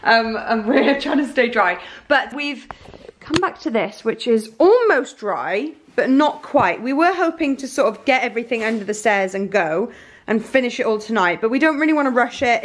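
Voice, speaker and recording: A woman's voice: a little high, lively intonation, moderate pace. A young adult woman chatting casually to camera in a vlog, gushing and full of fillers. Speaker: vlogger. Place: home, then in a car.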